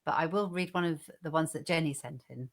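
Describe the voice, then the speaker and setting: Woman reading a poem, low voice. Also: a little fast. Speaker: co-host reading poems. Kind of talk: poetry reading and casual chat.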